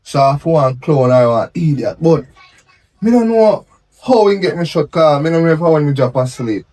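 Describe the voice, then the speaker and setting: A man's voice: fairly high pitch, expressive, moderate pace, darkish tone, lightly acted. A young man playing a youth who insistently complains to a friend in a web drama. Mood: aggrieved. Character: aggrieved young Jamaican man confronting a friend. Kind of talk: web series acting.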